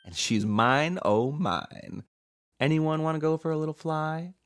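A man voicing a proud, boastful man showing off his new car, in a gloating, drawn-out way. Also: a little high, animated, fairly bright tone, smooth, pitched above the performer's own voice.

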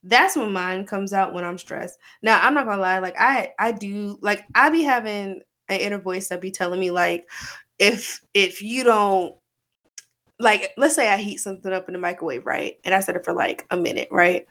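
A woman's voice: medium pitch, moderate pace, a bit bright. A woman co-hosting a casual podcast, talking candidly and rambling, swearing freely and leaning on "like" a lot. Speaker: podcast co-host. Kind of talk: casual chat.

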